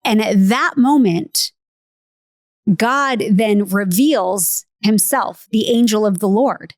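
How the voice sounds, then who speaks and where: A woman's voice: medium pitch, slow pace, no room sound, clean studio sound. A woman hosting a podcast, telling a story in a casual, earnest way. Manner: earnest, retells with acted quotes. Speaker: podcast host.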